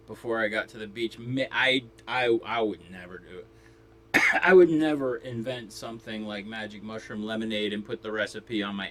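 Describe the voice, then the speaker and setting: A man rambling through a jokey casual monologue, coughing often and breaking into sudden loud outbursts. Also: medium pitch. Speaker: vlogger. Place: Los Angeles.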